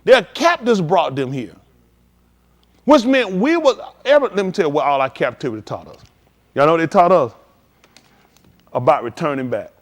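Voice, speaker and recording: A man preaching a live-streamed sermon in loose, slangy street talk, animated and emphatic. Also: a little high.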